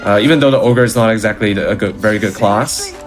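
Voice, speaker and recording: A man's voice: fairly low pitch, fast talker, soft background music. A man explaining his speedrun route in an easygoing, casual way as he plays. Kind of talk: casual gameplay commentary.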